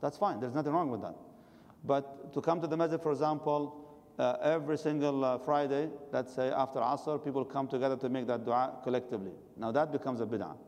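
A man's voice: mid-range voice, fairly even intonation, brisk, a little mellow, big-room sound. A man giving a religious lecture and answering questions from the audience, advising his listeners directly. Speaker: religious teacher.

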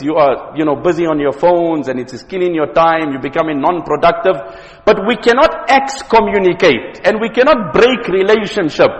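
A man's voice: high-pitched, long reverb tail, rough recording. A South African man giving a religious lecture, telling stories and jokes and often repeating words as he goes. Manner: anecdotal, joking, with repeated words. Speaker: Islamic preacher.

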